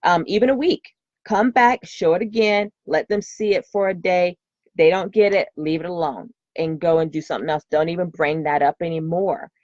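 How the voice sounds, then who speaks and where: A woman's voice: lowish voice, moderate pace, darkish tone, no room sound, lo-fi sound. A woman hosting a podcast, talking in an earnest, heartfelt way and searching for words with many fillers. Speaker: podcast host and homeschooling mother. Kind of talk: unscripted podcast monologue.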